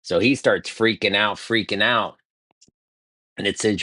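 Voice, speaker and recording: A man's voice: low-pitched, a little slow, long pauses, pushed and bright, no room sound. A man preaching in a casual devotional style, retelling a scripture story in slangy, conversational words with emphatic repetition.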